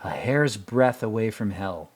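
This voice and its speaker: A man's voice: fairly low pitch, lively intonation, measured pace, husky. A man hosting a casual film commentary, rambling and stammering with joking asides. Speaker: host.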